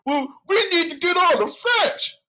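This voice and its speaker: A man putting on a high, whiny voice to mock a nitpicking online commenter. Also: animated, measured pace, bright, forceful tone, heavily acted.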